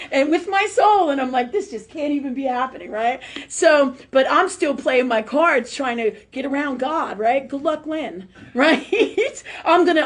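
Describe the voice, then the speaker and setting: Woman host of a live-streamed spiritual talk, voice a touch high, loose and profane, keeps asking "right?". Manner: chatty storyteller, tags sentences with "right?", swears freely. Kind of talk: live-streamed casual monologue. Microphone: webcam or phone on a live stream.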